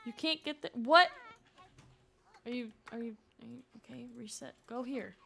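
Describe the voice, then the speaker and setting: A young woman chatting through her gameplay on a live stream, excitable and gushing, often talking to the game characters. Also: a little high, normal speed, creaky.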